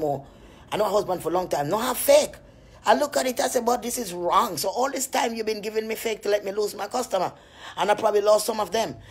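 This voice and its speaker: With a medium-pitched, slightly rough voice, a woman live streams casually on her phone from home to sell cream, just out of bed. She's chatty, laughs a lot, and tells rambling stories with animation.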